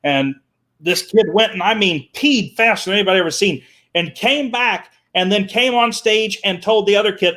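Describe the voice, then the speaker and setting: A man telling animated stories as a guest on a talk show, repeating words and acting out the people he quotes. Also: sits high, normal speed. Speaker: guest, children's entertainer. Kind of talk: animated storytelling.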